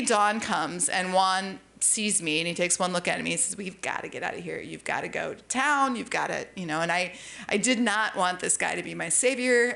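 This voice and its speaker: A woman from Minnesota telling a true personal story live on stage at a brewery event, lively and conversational, with frequent asides. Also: mid-range voice, creaky. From Minnesota, USA.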